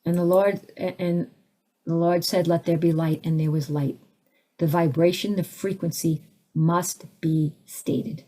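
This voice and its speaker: A woman leading a live spiritual teaching session, taking audience questions and acting out the voices of people she describes with big jumps in pitch. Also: steady tone, unhurried, mellow. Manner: takes audience questions, conversational asides.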